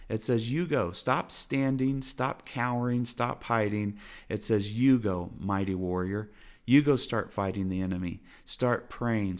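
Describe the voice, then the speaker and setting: A man preaching a sermon from his family's dinner table, earnest and exhorting, driving points home with repeated phrases. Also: fairly low pitch. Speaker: pastor.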